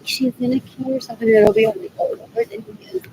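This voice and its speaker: Woman rambling to her camera, high creaky voice, keeps muttering the same thing, trails off a lot. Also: big pitch swings, noisy background. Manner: distracted, repeats a muttered phrase over and over; drifting, halting speech with trailing half-sentences. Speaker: vlogger. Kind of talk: rambling unscripted monologue to camera.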